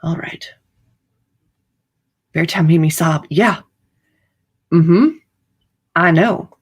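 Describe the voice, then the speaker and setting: A woman's voice: lowish voice, drawn-out words, slightly rough. A woman author hosting a livestream, chatting casually in a rambling, playfully dramatic way. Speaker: author hosting writing sprints.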